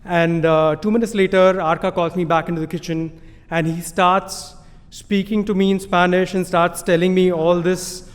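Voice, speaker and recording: A man with an Indian accent and a notably high voice tells a live story from a stage, amused and self-deprecating. His voice rings out through a large hall with a long reverb tail. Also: flat delivery, moderate pace, smooth. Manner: amused, self-deprecating, chuckling between lines.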